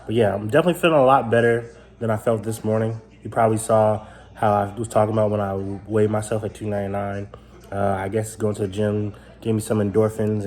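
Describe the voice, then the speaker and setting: A man's voice: lowish voice, a little mellow. A man chatting casually to camera in a home vlog, filmed in his kitchen, with many ums and restarts. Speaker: vlogger.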